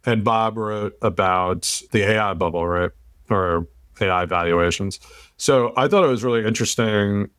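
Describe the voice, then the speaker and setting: Recorded clean in a studio with no room sound, a man with a lowish voice talks at a moderate pace. He's an American podcast host who rants with animation, speaks bluntly and opinionatedly, and swears now and then in casual chat.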